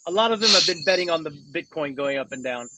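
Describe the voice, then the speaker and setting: A man's voice: fairly high pitch, animated, fast, noisy background. A man co-hosting a casual podcast, rambling with many restarts and fillers. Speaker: co-host.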